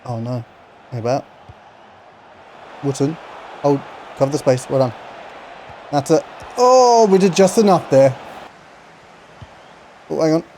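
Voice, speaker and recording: An excitable young man calls a football game as he plays, his voice sitting a touch high. The tone is mellow and soft, with a faint hum of noise behind him. He jumps from loud cheers to quiet mumbling. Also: unhurried, pauses often. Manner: excitable, swings from shouting to muttering. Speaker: gaming YouTuber. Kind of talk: excited live game commentary.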